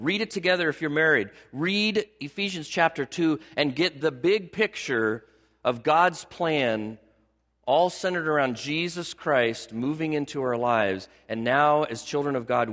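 Male pastor, mid-pitched, conversational sermon with emphatic repetition, long hall reverb. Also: fairly bright tone. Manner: conversational, emphatic repetition, asks the congregation questions.

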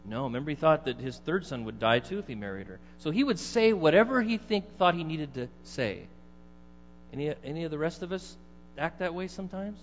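A man's voice: a little high, lively intonation, brisk. A middle-aged man preaching a sermon in a conversational way, putting questions to his congregation. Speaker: pastor. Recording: dull, echoey hall with mains hum.

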